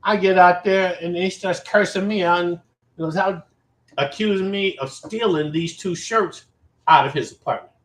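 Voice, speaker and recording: A man tells a story from his own life in a casual, animated way, swearing freely and repeating himself for emphasis. His voice sits a little high. The room gives off a noticeable echo. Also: moderate pace. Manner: animated and profane, with emphatic repetition. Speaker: vlogger telling a personal story. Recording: roomy echo.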